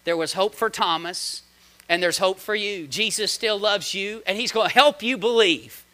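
Bright, high-voiced man preaching dramatically. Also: moderate pace. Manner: dramatic preaching with big swings in loudness and pitch; reads scripture aloud and comments on it. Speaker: pastor. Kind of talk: sermon.

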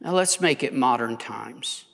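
A man preaching as a pastor, building to impassioned near shouts and then dropping low and quiet. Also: animated, a little slow, creaky, in a large hall. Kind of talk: sermon.

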